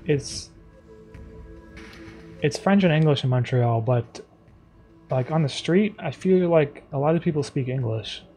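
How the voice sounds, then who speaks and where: A man streaming live as he animates, talking in a soft, rambling way with lots of fillers. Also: on the high side. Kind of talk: casual live-stream chat while drawing.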